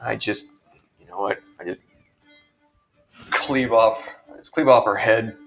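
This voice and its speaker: A man playing a tabletop game, describing his character's actions with quick asides. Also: lowish voice, over music. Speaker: player.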